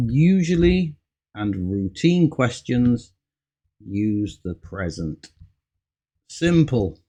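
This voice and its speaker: With a mid-range, slightly mellow voice, a man teaches a slow, patient English speaking lesson. He models example answers and stresses the key words.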